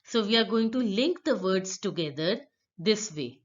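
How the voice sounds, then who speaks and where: Female language tutor, unhurried and patient, mid-pitched, slightly muffled home recording. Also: expressive. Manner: patient, repeats words for learners. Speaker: French teacher. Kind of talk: slow explanatory lesson.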